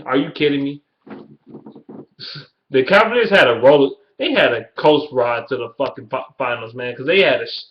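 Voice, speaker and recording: Early-20s man, Detroit accent, mid-range voice, heated profane vlog rant, muffled lo-fi sound. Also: mid-range voice. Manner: blunt, heated, swears constantly. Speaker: YouTuber. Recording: dull lo-fi webcam audio.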